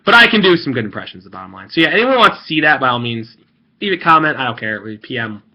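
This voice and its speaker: A man's voice: medium pitch, big pitch swings, quick pace, dull audio. A young man ranting in a rambling, salty and profane way as he gives casual commentary on an online game he was playing. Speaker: gaming video creator. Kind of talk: rambling gaming commentary rant.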